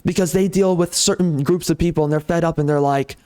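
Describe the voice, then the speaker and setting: Sarcastic ranting man, slightly high voice. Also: fairly even intonation, brisk, few pauses, mellow, clean tone. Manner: sarcastic, heated, repetitive. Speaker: gaming channel host. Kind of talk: off-the-cuff rant over gameplay.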